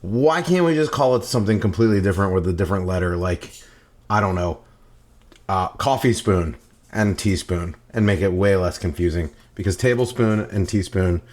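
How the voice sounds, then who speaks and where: A man in his forties cooking in his home kitchen, joking to himself and breaking into playful sing-song shouts. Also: sits low, moderate pace. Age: 40s. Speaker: cooking vlogger. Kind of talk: goofy home cooking vlog. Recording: faint kitchen noise, sizzling pan.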